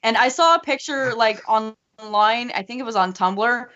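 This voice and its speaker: A woman's voice: a little high, moderate pace, bright, forceful tone. Emphatic woman on a muffled line. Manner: emphatic, opinionated fan. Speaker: guest. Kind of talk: casual podcast chat. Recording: slightly muffled lo-fi audio.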